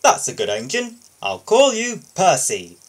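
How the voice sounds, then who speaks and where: A man reading a storybook aloud and voicing a firm, blustering male railway boss, with a husky tone. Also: fairly high pitch, huge pitch swings, normal speed, heavily acted.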